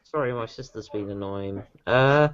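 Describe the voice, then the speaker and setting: A man's voice: lowish voice, moderate pace, dull audio, noisy background. A man playing a tabletop game, talking casually and easygoing, a bit distracted. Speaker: player.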